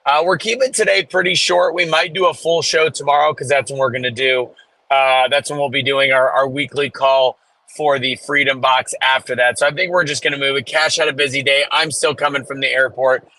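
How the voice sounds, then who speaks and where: A man's voice: mid-range voice, fairly even intonation, fairly quick, pushed and bright, no room sound. A man co-hosting a podcast in casual chat, hesitant and often restarting sentences. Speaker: podcast co-host.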